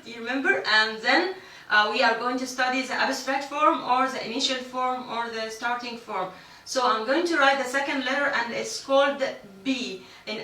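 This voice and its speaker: A woman who speaks natively, teaching an online language lesson patiently and repeating each letter slowly for learners. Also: high voice, bright, forceful tone, echoey room, distant mic. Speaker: Arabic teacher.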